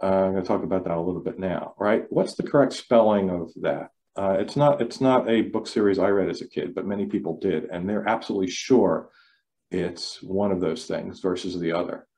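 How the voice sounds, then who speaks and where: Mellow-voiced man giving an online lecture. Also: deep voice, a little fast. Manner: loose, repeats words, asks the audience questions. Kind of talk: online talk to a club. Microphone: video call.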